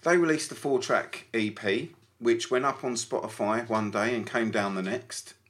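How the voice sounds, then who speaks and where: A man co-hosting a podcast, chatting casually in an animated way with stumbling restarts. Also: mid-range voice, moderate pace. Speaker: podcast co-host. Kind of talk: casual chat.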